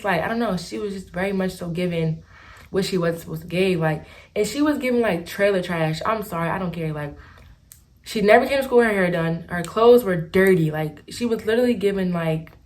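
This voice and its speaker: A young adult woman chatting casually through a storytime vlog, rambling and animated with lots of "like" and "y'all.". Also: mid-range voice, a little hiss or hum. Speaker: vlogger. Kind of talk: casual storytime while doing makeup.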